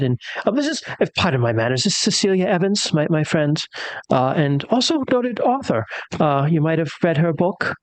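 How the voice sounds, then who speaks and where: A woman's voice: sits low, sing-song, normal speed, dry recording. A woman playing her character in a tabletop game, polite and flustered, stammering through thanks. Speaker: player. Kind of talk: in-character tabletop role-play.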